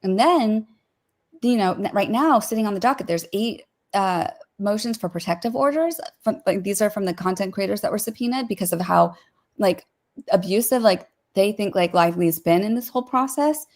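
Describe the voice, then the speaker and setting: A woman co-hosting a casual livestream, talking through court filings in a rapid, opinionated way with many fillers. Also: medium pitch, a little mellow. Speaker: co-host discussing court filings.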